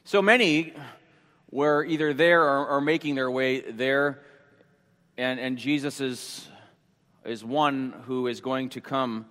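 A pastor delivers a sermon at a slow, measured pace, pausing between phrases and repeating key points. His voice sits at an ordinary male pitch. The sound carries a long reverb, as in a church sanctuary. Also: a bit bright. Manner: slow, deliberate preaching with repeated headings.

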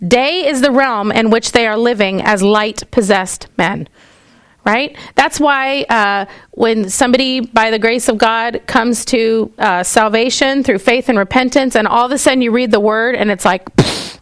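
A woman's voice: fairly high pitch, moderate pace, clear, resonant tone, no echo. A woman teaching a Bible study class, checking in with the group often and stopping to find her place in her notes. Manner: checks in often with "okay?" and "all right?"; stops to correct herself and find her place. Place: classroom with a whiteboard.

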